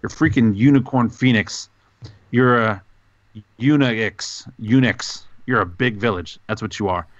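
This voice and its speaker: A man co-hosting a gaming podcast, rambling excitedly and goofily in over-the-top praise. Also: lowish voice, unhurried, no echo, highs cut off. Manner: excitable, goofy, hyperbolic rambling. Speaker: podcast co-host. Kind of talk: casual podcast chat.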